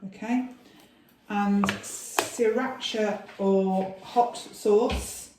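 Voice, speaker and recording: A woman's voice: medium pitch, fairly even intonation, drawn-out words, noisy background. Woman, patient kitchen coach, distant mic, very echoey room. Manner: patient, coaxing. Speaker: guides the cook through the recipe. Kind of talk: casual instructions while cooking. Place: home kitchen.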